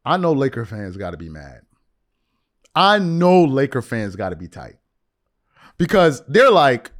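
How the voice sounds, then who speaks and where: Animated high-voiced New sports talker. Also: male voice. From New York. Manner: animated, slangy, quick restarts. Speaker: sports commentator. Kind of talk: casual sports commentary.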